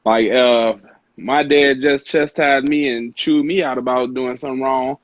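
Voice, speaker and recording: A man's voice: mid-range voice, steady tone, measured pace, no echo. A man in his thirties, co-hosting a casual chat on a video call, earnest and laid-back. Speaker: podcast co-host. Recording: dry, dull lo-fi audio.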